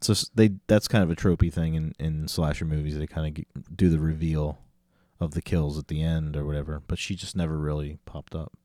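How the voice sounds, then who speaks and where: A man's voice: rumbling low, fairly even intonation, a little fast, few pauses, mellow, dry recording, clean studio sound. A man co-hosting a podcast in casual chat, rambling, restarting and laughing often. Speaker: podcast co-host.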